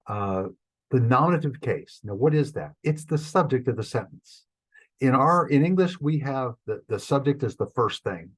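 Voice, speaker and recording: Husky low-voiced man teaching a class. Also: poor audio. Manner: patient, explanatory, thinks aloud with frequent fillers. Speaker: church Greek teacher. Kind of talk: recorded online lesson with screen sharing.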